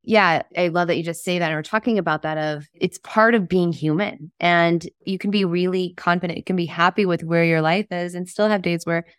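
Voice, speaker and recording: Woman host, lowish voice, dry close mic, reflective and sincere. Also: steady tone, a little fast, hardly any pauses, clear, resonant tone, no echo. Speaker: podcast host. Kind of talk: casual conversation.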